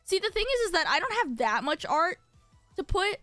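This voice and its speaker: A woman's voice: extremely high pitch, very animated, normal speed, pushed and bright, dry recording, faint music behind. A young adult woman streaming as a VTuber, chatting casually and bubbly with lots of filler words while she designs. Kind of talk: casual live-stream chat.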